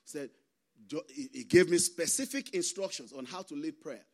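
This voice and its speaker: Pastor guy, high voice, preaching hard, goes loud then drops real quiet. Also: lively intonation, normal speed. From Nigeria. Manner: impassioned preaching that swings between loud emphasis and hushed asides. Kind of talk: sermon.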